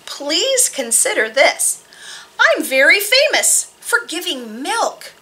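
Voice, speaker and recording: A woman librarian leading a storytime for small children, reading aloud with an animated, exaggerated sing-song delivery. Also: high voice, slow. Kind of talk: storytime reading and singing for kids.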